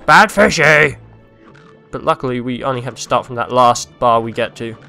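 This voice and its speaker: A young man commentating a video game he is playing, rambling and crude, mocking himself and breaking into silly yells. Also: mid-range voice, flat delivery, fast, smooth, faint music behind. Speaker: let's play host.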